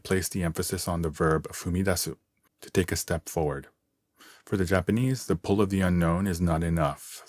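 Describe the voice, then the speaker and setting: A man, a translator, reading his own written column aloud in a measured, deliberate way. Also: sits low, dry recording, clean studio sound.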